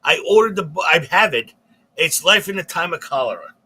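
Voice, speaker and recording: A husky, raspy-toned man with a fairly high pitch and a very bright, forceful edge. He co-hosts a comedy podcast in loose, profane banter. He rambles and circles back on his own sentences. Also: lively intonation, fairly quick. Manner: rambling, repeats himself, profane. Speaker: podcast co-host.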